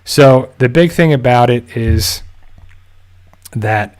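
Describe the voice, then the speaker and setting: A man in the middle pitch range hosts a casual live-stream recap of a TV episode. He rambles, digresses and circles back over the same points in loose, chatty sentences. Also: slow pace, a little mellow, clear, resonant tone. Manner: rambling, digressive, repeats himself. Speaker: channel host.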